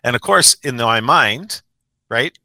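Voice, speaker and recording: A man's voice: medium pitch, expressive, slow pace, pushed and bright, no room sound. A man who coaches a sports team, telling a rambling, self-mocking story in a casual podcast chat.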